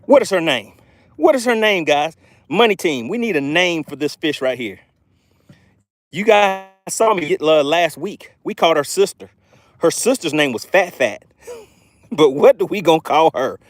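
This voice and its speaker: A man hosting a live fishing stream from a boat on a lake, excitable and playful as he reads the chat aloud. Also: fairly high pitch, normal speed, no echo. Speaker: fishing channel host.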